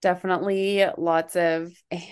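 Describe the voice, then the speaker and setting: A woman co-hosting a podcast in casual chat, talking in a relaxed and encouraging way. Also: lowish voice, moderate pace, smooth. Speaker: podcast co-host.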